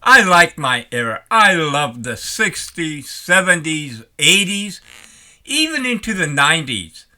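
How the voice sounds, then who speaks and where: A retired older man rambling in a folksy, animated way as he talks to his vlog audience. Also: a little high, unhurried. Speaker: vlogger. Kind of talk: casual vlog talk.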